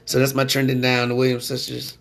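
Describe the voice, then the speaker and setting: A man hosting a sports podcast in a casual, slangy way, getting loud and excited when he rants. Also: mid-range voice, fairly quick, creaky.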